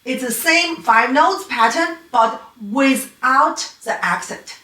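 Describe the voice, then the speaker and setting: A woman's voice: sits high, slow pace, bright, forceful tone, recorded from a distance. A female piano teacher whose first language is Chinese, giving a patient, explanatory online lecture on playing technique. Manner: patient, explanatory, non-native phrasing. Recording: echoey room, voice a bit off-mic.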